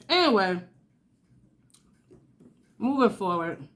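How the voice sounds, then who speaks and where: Slow-talking woman. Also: mid-range voice, fairly bright tone. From New York. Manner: chatty, drawn-out storytelling with asides. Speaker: channel host. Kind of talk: casual storytime while eating.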